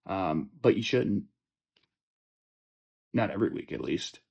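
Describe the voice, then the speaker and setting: A man's voice: fairly low pitch, unhurried, gravelly, darkish tone, breathy edge. A young man hosting a casual fantasy football chat, profane and joking, rambling with lots of fillers and restarts. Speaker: fantasy football podcast host.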